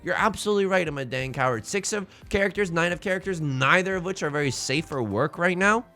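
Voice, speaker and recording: A man's voice: a little high, fast, sharp tone, faint music behind. A man giving casual, self-deprecating commentary while playing a tile game, often restarting his sentences and playing up his despair. He says he is tired from little sleep. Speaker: let's play host.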